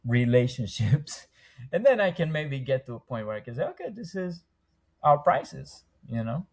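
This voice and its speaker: A man's voice: medium pitch, very animated, normal speed, creaky, a little mellow. A man who owns a window treatment business, a podcast guest who chats casually, laughs often and acts out the voices in his stories. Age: young adult. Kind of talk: casual interview talk.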